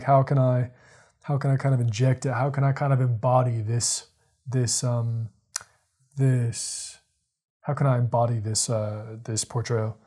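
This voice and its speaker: Guy rambling thru his thoughts on a podcast, lots of "you know", warm mellow tone. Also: mid-range voice. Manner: rambling, repeats words, frequent fillers. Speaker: podcast host. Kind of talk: casual monologue, reading quotes aloud.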